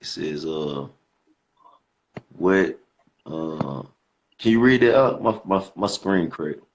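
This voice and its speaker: A man with a very low, deep voice preaching casually on a phone group call. He reads scripture aloud, then talks it over in loose slang, stumbling and repeating words as he thinks. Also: lively intonation, takes it slowly, highs cut off, slight background noise.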